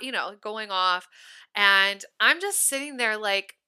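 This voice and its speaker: Brief: woman host, lively storyteller, very bright and smooth, slightly high. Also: measured pace. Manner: animated, giggly, emphatic. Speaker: podcast host. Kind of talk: casual storytelling monologue.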